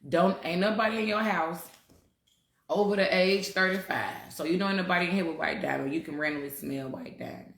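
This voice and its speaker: A woman talks casually and bluntly to her livestream viewers, swearing freely. Her voice sits on the low side. The room around her is roomy and echoey. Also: a little fast, gravelly, fairly bright tone. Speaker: spiritual talk host.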